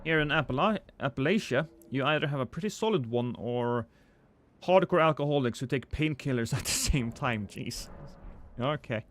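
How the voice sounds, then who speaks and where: A man's voice: mid-range voice, lively intonation, moderate pace, a bit bright. A man streaming a game live, chatting with viewers in a rambling, joking, self-deprecating way.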